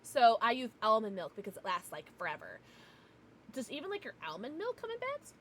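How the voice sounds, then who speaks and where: A young American woman chats on a livestream, her voice bright and forceful. She rants animatedly and laughs often. A faint noise sits under the recording. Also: on the high side, brisk. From United States. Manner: animated, ranting, laughing often, talks to pets. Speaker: streamer. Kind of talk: casual livestream chat with viewers.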